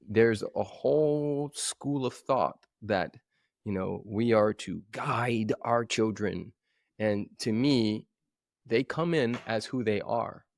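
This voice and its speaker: A man in his forties, a coach talking as a guest in a podcast interview, telling stories with animated energy and acting out other voices. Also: on the low side, takes it slowly, gravelly, no room sound, studio quality. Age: 40s. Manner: animated storyteller who acts out voices.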